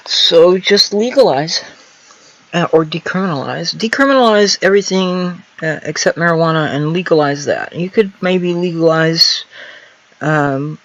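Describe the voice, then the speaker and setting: A man's voice: fairly high pitch, a little slow, a bit bright, dull audio. A man co-hosting a casual political chat, talking in a hesitant, wry way. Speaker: guest co-host.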